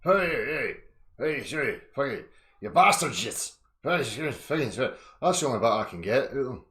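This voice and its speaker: A man imitating an angry brawling man who shouts curses in a high strained voice. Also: very animated, moderate pace, echoey room. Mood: ranting shout.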